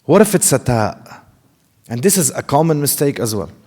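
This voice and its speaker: A man's voice: mid-range voice, sing-song, moderate pace, darkish tone, slightly rough. Man teaching with long hall reverb. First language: Arabic. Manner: corrective, demonstrates sounds by repeating them. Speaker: Quran recitation teacher. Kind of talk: tajweed lesson.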